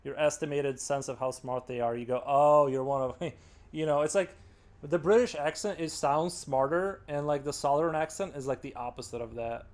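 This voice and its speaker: He's an American livestream artist with a standard accent, joking and rambling casually while he draws and reads out comments from chat. The voice leans toward the high side, slightly mellow, at a moderate pace.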